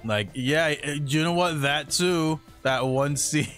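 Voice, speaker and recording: Young male streamer, unhurried slangy game commentary, mid-pitched, faint game music underneath. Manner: slangy and profane, laughs often, reacts loudly to in-game deaths. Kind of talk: casual gaming livestream commentary.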